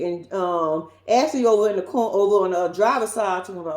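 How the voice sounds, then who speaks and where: A woman's voice: mid-range voice, fairly quick, hardly any pauses, a little mellow. A woman giving a blunt, sassy, profanity-laced casual recap of a reality show. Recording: roomy echo.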